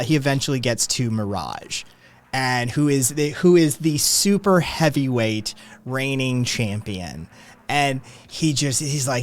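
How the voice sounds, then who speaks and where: A man narrating as game master in a casual, rambling way. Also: mid-range voice. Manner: casual, rambling, filler-heavy.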